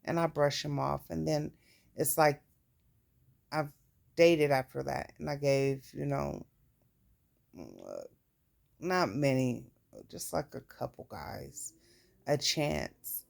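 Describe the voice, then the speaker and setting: A woman's voice: low-pitched, big pitch swings, slow, gravelly, long pauses, a little mellow. A woman recounting her own life story in a candid, plain-spoken way, with casual swearing. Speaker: vlogger. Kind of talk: personal storytelling.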